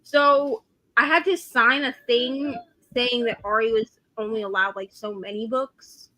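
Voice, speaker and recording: A woman's voice: on the high side, steady tone, a little slow, bright, forceful tone, no room sound, low-quality recording. A woman co-hosting a casual livestream, telling rambling stories full of "like". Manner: rambling anecdotes with many "like"s. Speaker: co-host.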